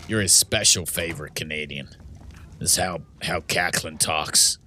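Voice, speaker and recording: A streamer and host in his 30s plays a game live while chatting casually with viewers, reading their messages aloud and laughing often. He has a bass voice with a bright, forceful tone at a moderate pace, and there is a little hiss or hum.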